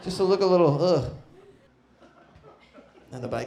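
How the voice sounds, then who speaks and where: A man doing a stand-up comedy set, brash and profane, bursting into loud shouts. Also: on the high side, expressive, normal speed, vocal fry. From Boston. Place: comedy club stage.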